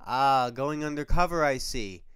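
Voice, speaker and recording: A goofy, clueless young man, played by a man, rambling along in a smooth, clear voice whose pitch bounces all over. It is recorded close, with a dry, dead-sounding mic. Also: expressive, unhurried, a bit bright, no room sound. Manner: rambling, goofy, self-assured.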